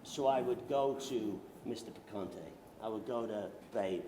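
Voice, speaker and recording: Low-voiced man with a London accent. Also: unhurried, warm tone. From Britain. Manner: self-deprecating, joking, with fillers. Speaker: actor on a veterans' conference panel. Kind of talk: casual panel storytelling. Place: conference hall panel. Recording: roomy echo with faint noise.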